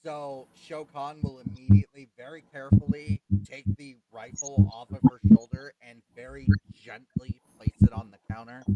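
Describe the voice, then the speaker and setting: A man playing a tabletop game, speaking hesitantly with many pauses and ums. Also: medium pitch, dark tone, low-quality recording. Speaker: player.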